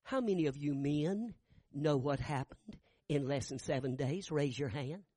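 An older man preaching a folksy sermon, acting out dialogue and rising to shouts. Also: on the high side, unhurried, no echo. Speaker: Baptist preacher. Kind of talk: sermon storytelling with acted dialogue.

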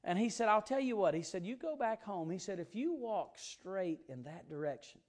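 A man's voice: sits high, lively intonation, normal speed. A man preaching a sermon in an auditorium, telling a folksy personal story and rising into emphatic bursts. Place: auditorium before an audience.

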